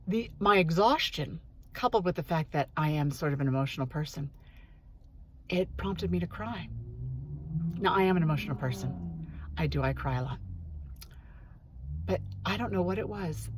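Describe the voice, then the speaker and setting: A woman's voice: on the low side, slight background noise. A woman hosting her own show, telling a personal story in a candid, earnest monologue while sitting in her parked car. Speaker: host. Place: parked car in a parking lot.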